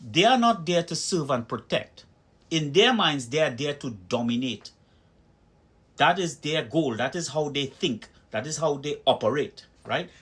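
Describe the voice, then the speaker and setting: A Trinidadian man with a slightly raised pitch tells personal stories straight to camera. He speaks emphatically, his delivery punchy and forceful as he builds his points. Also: lively intonation, a little slow. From Trinidad and Tobago. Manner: emphatic storytelling, acting out heated exchanges. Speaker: video commentator. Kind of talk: personal opinion vlog.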